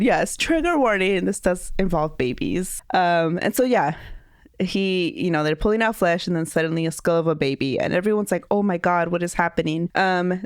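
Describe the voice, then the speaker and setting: A woman's voice: lowish voice, no room sound, clean studio sound. A woman co-hosting a podcast who sounds congested, telling a story in a casual, giggly, rambling way. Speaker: podcast co-host.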